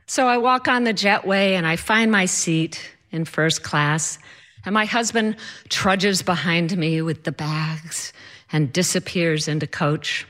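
A woman tells a personal story to an audience in an unhurried, deliberate voice. She is wry and self-deprecating, and she builds the drama with her timing. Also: on the low side, a bit bright.

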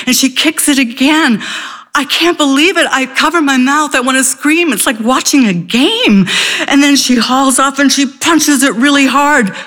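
A woman telling a personal story live, animated, with dramatic pacing and vivid pauses. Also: sits high.

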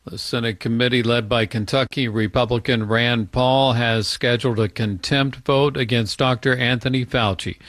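Low-voiced male news anchor. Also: no echo. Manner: measured, even newsreader delivery. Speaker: newscast anchor. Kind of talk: scripted news reading.

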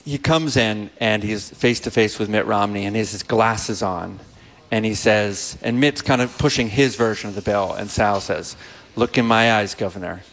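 A man speaking as a podcast guest, telling stories in a measured, reflective way. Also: fairly low pitch, long reverb tail. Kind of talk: conversational storytelling.

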